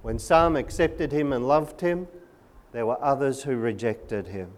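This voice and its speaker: A male preacher delivering a sermon at an unhurried pace, with a middle-pitched voice. He speaks earnestly, leaning on key words with measured emphasis.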